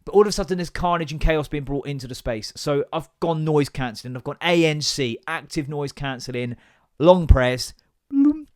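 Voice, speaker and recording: A man's voice: fairly high pitch, lively intonation, moderate pace, dry recording. A man in his thirties rants through a comedy podcast, sweary and exasperated. He sounds close up in a dry, dead room and keeps swinging into mocking voices. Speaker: podcast host. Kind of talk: comic rant.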